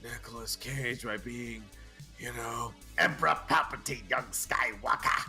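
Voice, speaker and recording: A man doing a hushed, sinister Emperor Palpatine. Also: medium pitch, a little slow, over loud music, voice pushed down, natural voice. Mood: menacing. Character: sinister old male galactic emperor.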